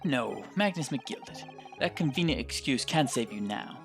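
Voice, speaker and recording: A man's voice: medium pitch, animated, a little slow, over music. A man voicing a cold, haughty male prosecutor, dismissive and clipped.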